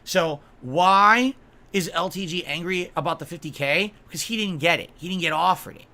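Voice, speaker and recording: Aggrieved ranting man, bright tense voice. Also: high-pitched, normal speed. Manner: aggrieved, repeatedly asks "right?" and "okay?"; emphatic, swearing. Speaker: streamer. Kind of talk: ranting livestream monologue.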